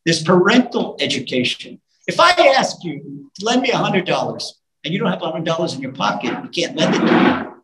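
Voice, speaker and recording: A man's voice: high voice, fairly quick. Fervent male rabbi preaching in a roomy hall. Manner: animated storytelling with sung lines and rising fervor. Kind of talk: storytelling sermon. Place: live talk in a room. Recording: roomy live hall recording.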